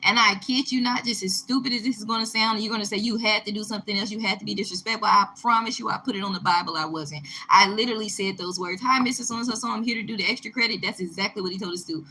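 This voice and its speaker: A woman's voice: mid-range voice, fast, hardly any pauses, slight background noise, low-quality recording. Emphatic young woman telling her story. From Texas. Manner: emphatic, animated retelling with rising indignation. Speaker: vlogger. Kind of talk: personal storytelling.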